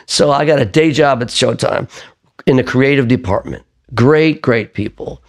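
An older man, a singer-songwriter, telling lively stories in an interview and acting out the voices of the people in them. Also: mid-range voice, normal speed. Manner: lively raconteur who acts out quoted voices. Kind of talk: conversational storytelling interview.

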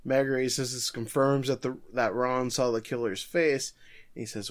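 A man's voice: medium pitch, steady tone. Casual male podcast co-host, joking recap delivery. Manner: joking, summarizing plot quickly. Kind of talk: casual anime recap chat.

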